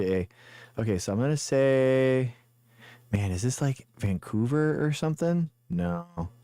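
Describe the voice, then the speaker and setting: A man's voice: medium pitch, lively intonation, unhurried, vocal fry, mellow, dry recording, clean studio sound. A man streaming a guessing game live, rambling and thinking aloud as he plays. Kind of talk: casual live game commentary.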